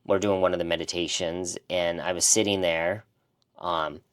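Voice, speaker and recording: Very deep-voiced man telling his story. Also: fairly even intonation, normal speed, fairly bright tone, clear, resonant tone. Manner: earnest, reflective, acts out remembered dialogue. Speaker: life coach and podcast co-host. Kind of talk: casual personal storytelling.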